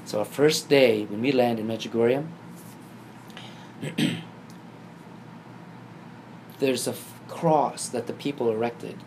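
A man telling a personal story in casual conversation, acting out the quoted dialogue with lively shifts. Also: medium pitch, slow, long pauses, slight background noise. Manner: animated, acts out quoted dialogue. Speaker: guest telling his story.

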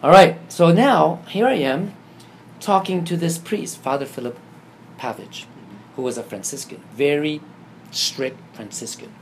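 A man telling a personal story in casual conversation, acting out the quoted dialogue with lively shifts. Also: a little high, measured pace, a little hiss or hum. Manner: animated, acts out quoted dialogue. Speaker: guest telling his story.

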